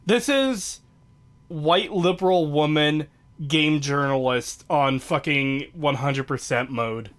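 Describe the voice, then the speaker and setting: Streamer, male, slightly high, sarcastic, stammers. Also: slow pace, fairly bright tone. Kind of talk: casual stream commentary.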